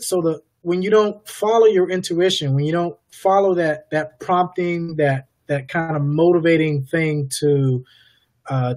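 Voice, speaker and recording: Male host, slightly high voice, lots of "yeah", restates questions, casual interview. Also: a little mellow. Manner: affirming, many yeahs, repeats his questions.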